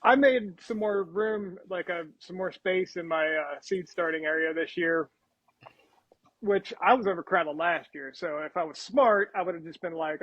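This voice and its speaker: A man's voice: high-pitched, normal speed, fairly bright tone, no echo, highs cut off. A man who is a guest on a podcast, chatting casually in a laid-back, self-mocking way.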